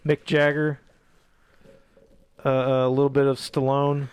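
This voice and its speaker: A man's voice: medium pitch, level tone, slow pace, clean tone, no room sound. A young man co-hosting a movie review podcast, cracking dry jokes in casual banter. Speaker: podcast co-host.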